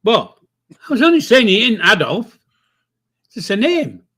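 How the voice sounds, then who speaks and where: Older Yorkshire man, halting and humorous. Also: sits high, huge pitch swings, sharp tone, husky. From Yorkshire, England. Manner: hesitant, laughs often, dry humour. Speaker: live stream co-host. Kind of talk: casual live stream chat.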